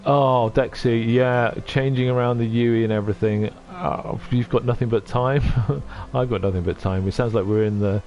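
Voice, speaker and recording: A middle-aged man chatting on a livestream, soft-spoken and halting, often moved. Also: medium pitch, fairly even intonation, lo-fi sound. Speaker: streamer. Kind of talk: casual livestream chat.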